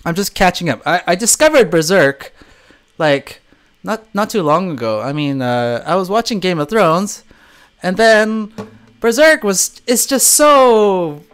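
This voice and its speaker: A man's voice: sits high, a little slow, clear, resonant tone. A man hosting a casual livestream, reading comments and joking, laughing often as he talks. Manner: animated, laughs often, jokey. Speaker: livestream host and swim teacher.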